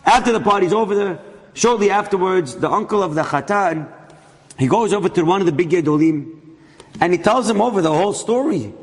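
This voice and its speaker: A rabbi tells inspirational stories in an animated, dramatic way. His voice sits fairly high for a man. Long hall reverb follows his phrases. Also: brisk. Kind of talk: inspirational storytelling talk.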